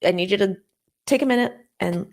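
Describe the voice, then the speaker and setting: A woman in her thirties co-hosts a podcast, speaking briskly in a mid-range, darkish voice with vocal fry. In casual conversation she tells a long story, acting it out with quoted dialogue and laughing often.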